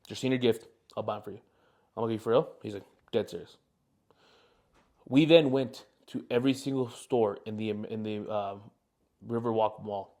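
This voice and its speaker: A man in his twenties co-hosts a podcast and tells a long, rambling story in casual chat, full of fillers. His voice is fairly low and darkish, at a moderate pace with frequent pauses.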